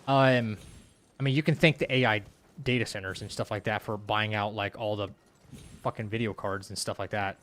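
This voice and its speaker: A man's voice: fairly low pitch, steady tone, normal speed, a bit bright, slight background noise. A man streaming a game live, chatting casually with his viewers and reading their messages aloud in a loose, rambling way full of fillers and restarts. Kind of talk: casual live-stream chat while playing.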